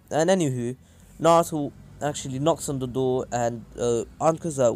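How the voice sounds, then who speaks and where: A man's voice: medium pitch, moderate pace, a little mellow. A man casually improvising a fan story, rambling with many fillers and asides. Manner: rambling, full of "uh" and "anywho".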